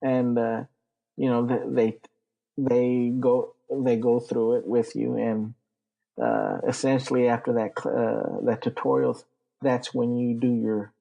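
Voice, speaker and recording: A man's voice: medium pitch, flat delivery, a little slow, vocal fry, highs cut off. A man from Texas, a Navy veteran being interviewed, telling rambling stories full of fillers and swearing. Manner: rambling, profane, lots of fillers. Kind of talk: casual storytelling.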